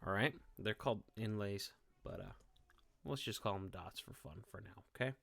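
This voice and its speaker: A man's voice: fairly low pitch, moderate pace, creaky, fairly bright tone. Man teaching guitar, checking in often. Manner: encouraging, checks in with "okay?" and "all right?" often. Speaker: music teacher. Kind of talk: guitar lesson. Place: indoors, playing guitar.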